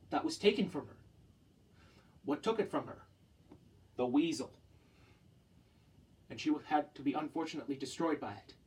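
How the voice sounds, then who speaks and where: Young man, student presentation, impassioned, rhetorical questions, slightly high voice, somewhat off-mic. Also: recorded from a distance, low-quality recording. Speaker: student giving a talk. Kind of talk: earnest spoken presentation.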